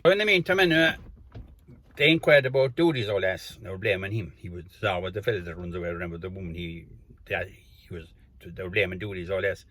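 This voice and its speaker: A man's voice: deep voice, fast talker, fairly bright tone, no echo. Older Kerry man spinning a rambling yarn. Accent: Kerry Irish. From Ireland. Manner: meandering, colloquial, acts out quoted voices. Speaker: storyteller. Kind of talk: rambling rural folk storytelling.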